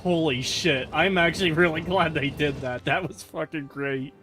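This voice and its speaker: A man's voice: a little high, normal speed, fairly bright tone, soft background music. A man in casual chat on a game stream, talking loosely with fillers and swearing.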